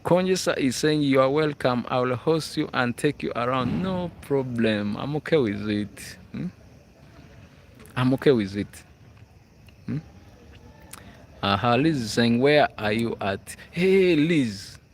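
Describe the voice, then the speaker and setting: Outdoors on school grounds at night, a Ugandan livestream host chats casually in Ugandan-accented English, reading viewers' comments aloud and often checking in with a "hmm?" His mid-range voice is animated and a little slow, with a slight hiss or hum.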